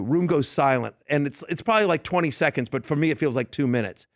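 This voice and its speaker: Animated man telling stories. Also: a little high, fast talker, no echo, clean studio sound. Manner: animated storyteller, acts out quoted yelling. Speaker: fantasy football analyst. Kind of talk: casual interview storytelling. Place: radio studio.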